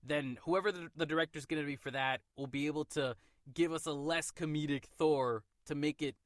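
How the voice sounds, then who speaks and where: A man hosting a casual movie review podcast, animated and quick to float theories. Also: a little high, no echo, studio quality. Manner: animated, theorizing, laughs often. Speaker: podcast host.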